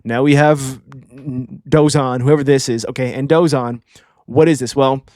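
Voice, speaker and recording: A young man hosting a casual manga review channel, animated and slangy, doing voices for characters. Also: mid-range voice, a little slow, dry recording, clean studio sound. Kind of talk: casual video commentary.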